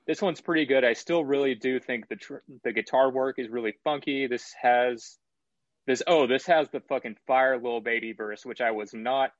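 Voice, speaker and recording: A man hosting a casual album review chat, talking in an analytical and measured way with some swearing. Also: mid-range voice, no echo, muffled recording.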